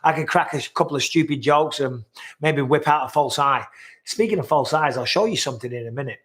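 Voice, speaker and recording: A man's voice: a little high, fairly quick, a bit bright. A man with a northwest English accent hosting a casual live chat, reading out viewers' comments in a joking, blunt way and swearing freely. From northwest England.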